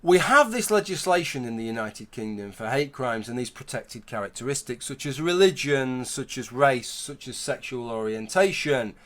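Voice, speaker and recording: A man's voice: mid-range voice, expressive, normal speed, few pauses, a bit bright. A man giving a conversational opinion commentary, arguing his point through hypothetical scenarios. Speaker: YouTube commentator.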